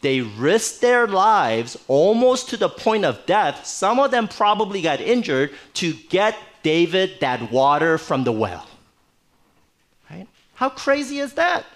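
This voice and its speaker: Animated, lively-pitched male pastor. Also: takes it slowly. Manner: conversational, animated storytelling with playful asides. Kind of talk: sermon. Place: church.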